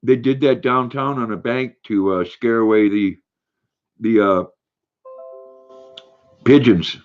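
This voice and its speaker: A man's voice: medium pitch, steady tone, slow, lo-fi sound, faint music behind. An older man hosting a casual livestream, chatting and reading viewer comments aloud while talking to his dog. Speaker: livestream host.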